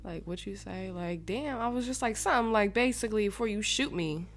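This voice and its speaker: A woman's voice: medium pitch, fairly quick, soft background music. Young woman telling a raw story. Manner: animated, slangy, swears freely. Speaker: podcast host. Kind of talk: casual storytelling monologue.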